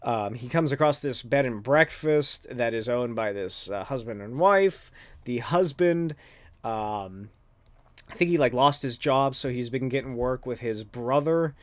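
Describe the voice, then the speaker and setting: A man's voice: mid-range voice, unhurried, no room sound. A man hosting a podcast, recapping a comic in a rambling, casual way with lots of swearing and filler words. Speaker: podcast host.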